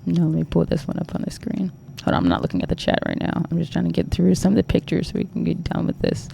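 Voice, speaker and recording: A man's voice: on the high side, level tone, fast, creaky, warm tone, slight background noise. A young adult man talking on a livestream, exasperated and rambling, full of fillers and swearing. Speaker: streamer. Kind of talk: ranting livestream talk.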